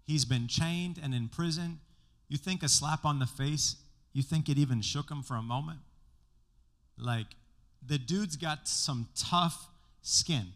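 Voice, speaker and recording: A man's voice: fairly high pitch, measured pace, fairly bright tone. A man preaching a sermon as pastor to a congregation in a church room, in a casual, joking way with slang.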